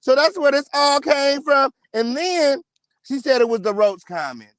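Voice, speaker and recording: A man with an unusually high voice runs a celebrity gossip commentary. He swears often and hammers his points by saying them twice. The sound is dead dry, with no room around it. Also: lively intonation, measured pace, a bit bright, no echo. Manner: profane, emphatic, repeats lines for effect.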